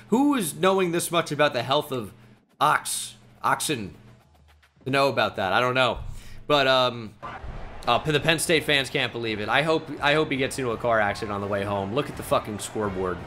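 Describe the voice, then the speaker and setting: A man's voice: mid-range voice, pushed and bright. A young man giving casual, profane, joking commentary while playing a video game. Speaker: gaming YouTuber.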